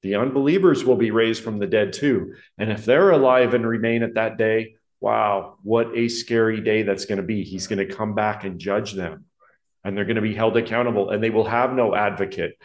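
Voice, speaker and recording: A man preaching a sermon on the Psalms, earnest, slowing to stress key words and dropping to a hushed tone to reflect. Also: on the low side. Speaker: pastor. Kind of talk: expository sermon reading and explaining Psalms. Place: church hall with a projection screen. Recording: roomy, echoey hall sound.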